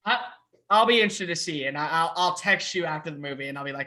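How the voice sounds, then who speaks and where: Young man, podcast guest, excitable, playful, bright tone. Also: on the high side. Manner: excitable, fast, with playful put-on voices and profanity. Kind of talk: casual chat.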